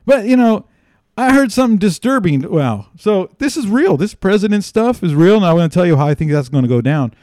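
A man's voice: sits high, big pitch swings, a little fast, mellow, dry recording, studio quality. A man hosting a podcast, giving sarcastic political commentary and rambling with frequent restarts. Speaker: podcast host.

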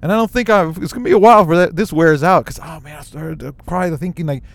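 A slightly higher-voiced American man hosting his own show and telling a heartfelt personal story. He is animated and emotional, and he breaks off into quick, wry asides. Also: gravelly, dry recording. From United States.

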